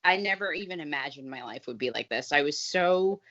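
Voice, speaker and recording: Podcast guest: woman, thirties, low voice, candid and chatty, dull lo-fi recording. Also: lively intonation, fairly quick, a bit bright. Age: 30s. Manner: candid, chatty, laughs often, many fillers. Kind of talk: casual storytelling chat.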